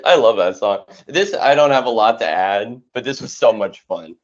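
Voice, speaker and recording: Blunt, lively-voiced podcast guest man. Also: on the low side, moderate pace, highs cut off. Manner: blunt, scornful, profane. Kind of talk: casual music podcast chat.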